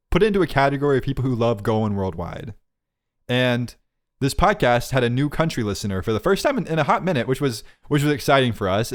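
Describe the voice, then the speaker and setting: A man in his twenties co-hosting a podcast, chatting casually and riffing on jokes with frequent laughs. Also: mid-range voice. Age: 20s. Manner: joking, rambling bits with frequent laughs. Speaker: podcast co-host. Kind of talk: casual chat.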